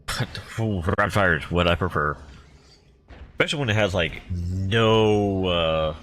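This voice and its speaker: A man's voice: low-pitched, lively intonation, measured pace, fairly bright tone, a little hiss or hum. A man giving rambling, self-deprecating commentary while playing a video game. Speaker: gamer. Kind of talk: casual gameplay commentary.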